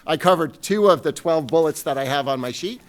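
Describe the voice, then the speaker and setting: A man's voice: on the high side, expressive, fairly quick. Rambling male superintendent addressing parents. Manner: rambling, self-deprecating. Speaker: school superintendent. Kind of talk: welcome speech to parents.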